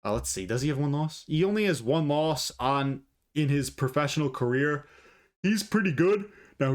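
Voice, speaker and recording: Guy doing a casual fight breakdown, swears a lot, restarts sentences, mid-pitched voice. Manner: blunt and profane, frequent asides and restarts. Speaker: fight analyst.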